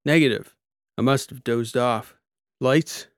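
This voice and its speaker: A man voicing an easygoing male cyborg mechanic who jokes, speaking a little louder than his narration. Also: mid-range voice, slow pace, dry recording, studio quality, lightly acted. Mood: startled. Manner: easygoing, joking.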